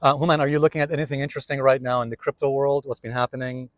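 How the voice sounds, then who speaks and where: A man's voice: mid-range voice, flat delivery, rapid-fire, dry recording. A man hosting a casual market commentary vlog, chatty and explaining step by step to viewers while walking city streets. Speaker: trading video host.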